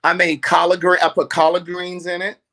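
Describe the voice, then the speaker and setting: A man's voice: high-pitched, completely flat delivery, fairly quick, sharp tone. A man from Baltimore chatting casually and animatedly on a call, laughing often. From Baltimore, USA. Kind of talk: casual chat.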